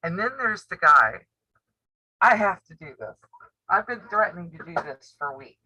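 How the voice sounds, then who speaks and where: A woman's voice: lowish voice, animated, moderate pace, sharp tone, slightly rough, dry recording, low-quality recording. A woman, hosting a casual live-stream chat for a sewing channel and talking in a blunt, teasing way with frequent laughs. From United States. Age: 50s. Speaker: sewing and quilting channel host.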